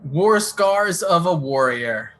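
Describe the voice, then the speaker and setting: A man voicing a proud horned male beastkin warrior who speaks slowly and gruffly. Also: fairly high pitch, expressive, a bit bright.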